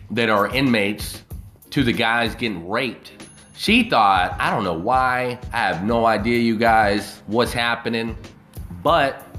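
A man's voice: mid-range voice, a bit bright. A man talking casually on a live video, rambling and swearing freely as he tells a story. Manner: profane, loose and rambling.

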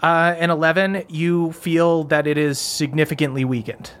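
Relaxed man narrating as game master. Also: a little high, normal speed. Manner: relaxed, filler-heavy narration.

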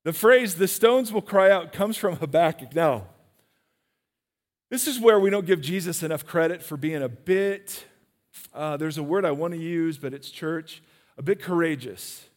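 High-voiced preacher man in a reverberant hall. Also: unhurried. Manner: animated, engages listeners with questions. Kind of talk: sermon. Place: church.

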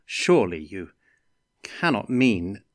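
A man's voice: on the low side, very animated, slow pace. A man reading a story aloud and voicing a wry, reluctant young male adventurer with a dry, sardonic manner.

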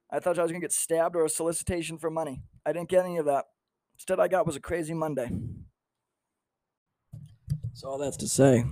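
A man's voice: on the high side, warm tone, dry recording, clean studio sound. A young man hosting a podcast, telling a crude, self-deprecating comedy story in a casual way. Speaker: podcast host.

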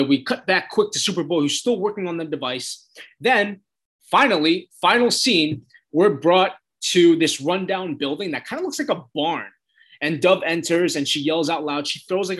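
A man's voice: a little high, fairly bright tone. A man casually retelling a TV episode, loose and rambling, with lots of fillers and "he's like" quotes. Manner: loose storytelling full of "he's like", swearing and fillers. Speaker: episode recapper.

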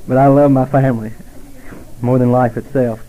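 Forties male preacher, fervent testimony delivery, warm mellow voice. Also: mid-range voice, flat delivery, slight background noise, rough recording. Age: 40s. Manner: fervent, slowing for emphasis, dropping to hushed tones. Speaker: preacher, former police officer. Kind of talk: testimony sermon.

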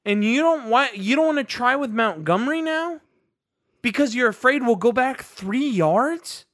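A man's voice: very high voice, animated, normal speed, a bit bright, no room sound, clean studio sound. A man co-hosting a sports podcast, ranting in heated casual talk and rising to outbursts of disbelief. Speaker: podcast co-host.

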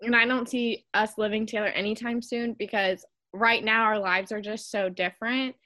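A woman's voice: on the high side, fairly even intonation, moderate pace, pushed and bright. A young woman hosting a podcast, giving advice in a chatty casual way with lots of fillers. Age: young adult. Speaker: podcast host. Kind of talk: casual chat.

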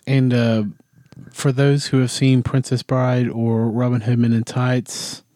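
A man in casual chat about a movie, laid-back and halting as he fills in plot details. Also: mid-range voice, flat delivery, mellow, no echo, clean studio sound. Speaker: movie discussion co-host.

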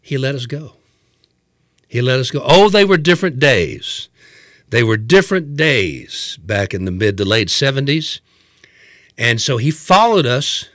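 A man's voice: medium pitch, no echo. An older man telling a funny story, drawing out words and acting out the scenes. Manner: drawn-out, lively, acted-out delivery. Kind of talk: comic storytelling.

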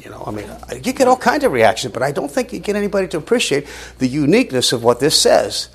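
A man's voice: mid-range voice, wildly swooping pitch, quick pace, slightly rough. A man teaching a sermon, reading scripture aloud with rising emphasis and asking rhetorical questions. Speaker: Bible teacher.

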